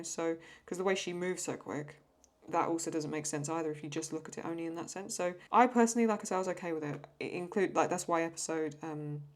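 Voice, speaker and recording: A young English woman chatting casually and rambling while she draws and answers viewer questions. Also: deep voice. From England. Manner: chatty, rambling, self-talk. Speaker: host. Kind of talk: casual chat while drawing.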